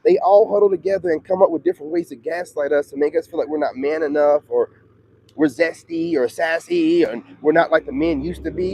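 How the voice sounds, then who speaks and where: A man's voice: on the high side, gravelly, dark tone, a little hiss or hum. A man hosting a live stream, talking in a slangy, preachy, emphatic way in a casual monologue.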